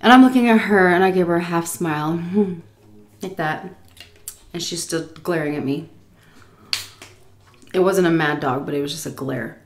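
A woman in her thirties from the United States, casually telling an animated story while eating, often laughing and acting out voices. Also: on the low side, normal speed, long pauses, slight background noise. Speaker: food vlogger telling a story.

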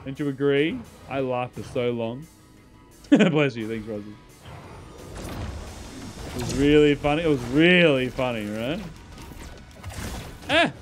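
A man's voice: medium pitch, lively intonation, slow, pauses often, faint music behind. A man streaming a video game live, bantering and joking with his chat in a sarcastic, playful way and laughing often.

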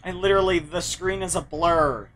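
A man playing a game on camera, yelling at it in frustration and then muttering. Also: sits high, moderate pace. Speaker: game player. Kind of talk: let's play commentary.

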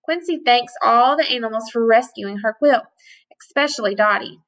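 A woman teacher giving a gentle, patient letter lesson to young children and reading a picture book aloud. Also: a little high, poor audio. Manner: gentle and patient, with slow drawn-out sounds.

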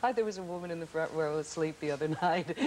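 Laughing actress telling stage stories. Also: female voice, low voice, fast talker, rough recording. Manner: animated storytelling with frequent laughs. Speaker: actress and talk show guest. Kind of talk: casual chat. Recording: faint hiss on old TV audio.

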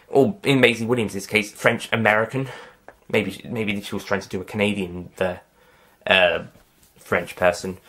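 Rambling, lowish-voiced male film reviewer. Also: fairly even intonation, unhurried, a bit bright. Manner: rambling, self-correcting, light joking asides. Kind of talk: casual spoken review.

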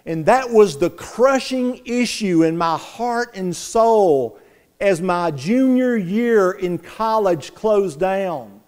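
Emphatic male pastor, slow and high. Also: animated. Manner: emphatic, swings from loud stress to hushed asides. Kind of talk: sermon.

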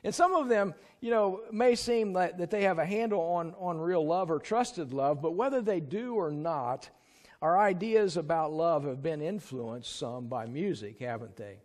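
A man's voice: a little high, animated, normal speed. A man preaching a sermon in a church, talking in a loose, conversational way with the congregation. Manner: conversational, chuckles and sings snatches to the congregation. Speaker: pastor. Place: church sanctuary.

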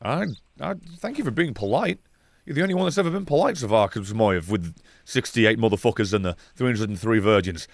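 Young guy ranting at a game, lively up-and-down voice with some gravel, dry close mic. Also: lowish voice, brisk, no room sound. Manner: sarcastic, swearing, swings from mutters to shouts. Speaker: gaming streamer. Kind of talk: playing a game with live commentary.

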